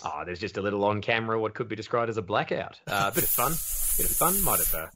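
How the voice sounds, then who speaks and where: A man with an Australian accent, a comedian guest telling lively, sweary anecdotes in casual podcast chat. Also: on the low side, fast talker, background noise. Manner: lively anecdotes, swears freely, slips into voices.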